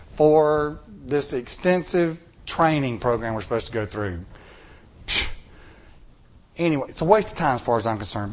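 A middle-aged man preaching a sermon, telling personal stories with animated, emphatic delivery. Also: a little high. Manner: animated, rising to emphatic peaks. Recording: recorded sermon tape.

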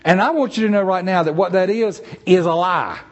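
A man preaching a sermon in a church, animated and acting out the voices of the people he quotes. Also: high voice, a little fast.

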